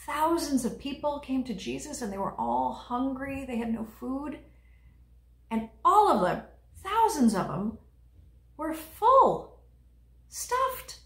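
Woman leading a children's liturgy, bright-toned, gentle and encouraging, in an echoey room. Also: sits high, creaky. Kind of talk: teaching young children.

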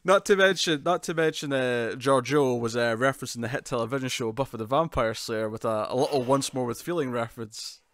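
A man's voice: mid-range voice, fairly quick, hardly any pauses, fairly bright tone, dry recording. A man co-hosting a casual podcast review, talking with lots of laughs and repeated words. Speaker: podcast co-host.

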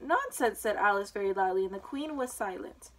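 A woman reading a children's storybook aloud in an informal way, pausing to mention the pictures. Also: mid-range voice, poor audio. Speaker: reader.

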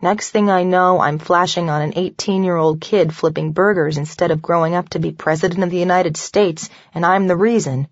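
A woman's voice: on the low side, fairly even intonation, moderate pace, hardly any pauses, dry recording, natural voice. A woman narrator voicing a weary, frank professional woman in an audiobook, with a blunt, wry delivery. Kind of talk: audiobook dialogue. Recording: dull lo-fi dry recording.

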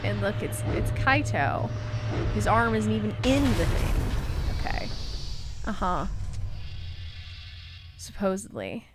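A woman co-hosting a let's play, reacting in an excitable, giggly way with lots of exclamations. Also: mid-range voice, takes it slowly, long pauses, noisy background. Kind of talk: casual gaming commentary.

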